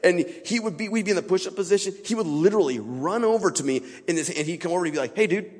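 Husky-voiced man preaching in a reverberant church. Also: high-pitched, lively intonation, very fast. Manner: casual, conversational, plain-spoken. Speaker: guest speaker at a church. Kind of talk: informal sermon. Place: church sanctuary. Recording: long reverb of a large church hall.

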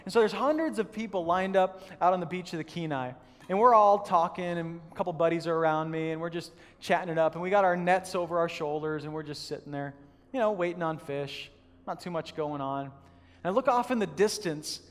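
A man preaching a sermon as pastor, telling a story in a casual, animated, self-deprecating way. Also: on the high side, a little fast, long reverb tail. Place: church hall.

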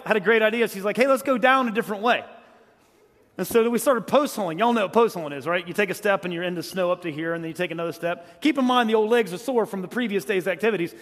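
High-voiced joking preacher in a reverberant church. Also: male voice. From South Carolina. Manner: joking, conversational, swings from loud storytelling to quiet earnest. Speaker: guest preacher. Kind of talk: humorous storytelling sermon. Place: church sanctuary. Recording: long church hall reverb.

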